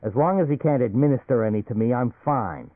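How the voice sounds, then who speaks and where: A man's voice: mid-range voice, expressive, fairly quick, dry recording, lightly acted. A man voicing an anxious male business executive who talks in agitated, rising outbursts. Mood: resolved. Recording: phone-like narrow band, dry.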